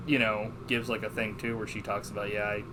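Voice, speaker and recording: A man co-hosting a podcast who retells a movie's plot in a casual, animated way, full of swearing and fillers. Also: fairly low pitch, a little fast, very noisy. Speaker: podcast co-host. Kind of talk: casual movie review chat.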